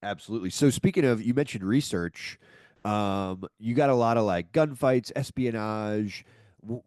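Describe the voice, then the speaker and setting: A man's voice: lowish voice, moderate pace, darkish tone, no room sound, clean studio sound. A man hosting a podcast, asking questions in a friendly, affirming way with some hesitation. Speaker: podcast host. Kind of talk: casual interview talk.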